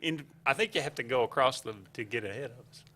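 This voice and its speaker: A man's voice: mid-range voice, fast talker, pushed and bright. A man co-hosting casual sports talk, dropping dry, questioning asides. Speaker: sports radio co-host.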